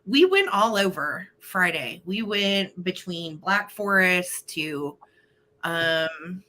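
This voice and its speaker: Woman, live-stream host, bubbly, giggly, crisp bright voice, casual chat. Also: fairly low pitch, lively intonation, slow, a little hiss or hum. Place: at home.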